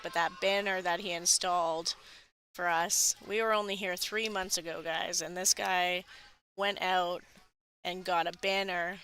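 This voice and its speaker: Bright, clear-voiced woman commentating pool. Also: lowish voice. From not from the US South. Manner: chatty, laughs often, upbeat. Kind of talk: casual sports commentary.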